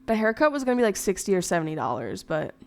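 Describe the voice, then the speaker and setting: A woman's voice: mid-range voice, very animated, quick pace, gravelly, darkish tone, faint music behind. A young woman streamer chatting casually, telling a hurt story in a rambling way, with many fillers and restarts.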